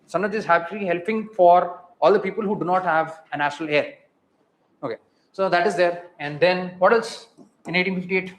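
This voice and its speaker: A man with an Indian English accent giving an exam revision lecture, asking the class quick questions and repeating key terms. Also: high voice, a bit bright. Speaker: teacher.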